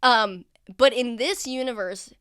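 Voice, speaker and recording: A woman's voice: fairly high pitch, measured pace, fairly bright tone, clean tone, dry recording, studio quality. A woman acting as game master on a tabletop role-play podcast, explaining her rules in a chatty, rambling way with many fillers and restarts.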